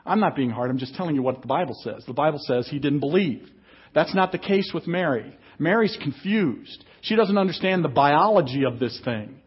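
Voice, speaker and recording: A man's voice: fairly high pitch, expressive, a little fast, slightly rough, dull audio. A man preaching an emphatic sermon as pastor at a church service. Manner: emphatic preaching, reads scripture aloud.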